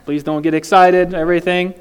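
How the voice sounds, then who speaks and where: A man's voice: high-pitched, flat delivery, brisk, in a large hall, heavy background noise. A man preaching a sermon, dramatic and questioning the congregation directly. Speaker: pastor.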